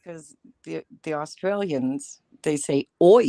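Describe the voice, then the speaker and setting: A woman's voice: sits low, slow pace, dark tone, no echo, clean studio sound. A woman appearing as a guest on a livestream, talking through a topic in a discursive way with lots of fillers. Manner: talkative, discursive, many fillers. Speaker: guest commentator. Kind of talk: casual commentary chat.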